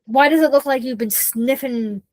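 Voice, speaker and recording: A woman's voice: high voice, normal speed, a little mellow, dry recording, studio quality. A woman co-hosting a podcast, trading jokes and teasing banter in casual chat. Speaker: podcast co-host.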